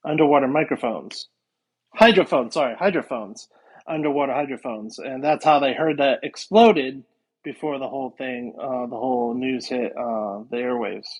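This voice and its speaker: A man's voice: medium pitch, normal speed, breathy edge. A man, a guest paranormal investigator, chatting casually on a podcast and rambling with many fillers.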